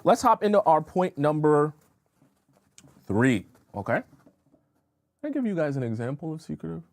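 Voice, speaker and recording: In a casual live stream, a man with a sing-song voice on the high side coaches women on dating at a moderate pace. He chats frankly, reads viewer comments aloud and answers them, repeats phrases, and fills gaps with "uh" and "right?".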